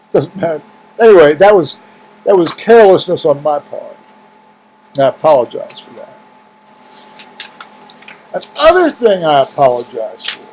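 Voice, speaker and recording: A man's voice: a little high, darkish tone, a little hiss or hum, poor audio. A middle-aged man talking casually to camera in a video blog at home, rambling with many restarts and fillers. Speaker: video blogger. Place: home room with heaters running.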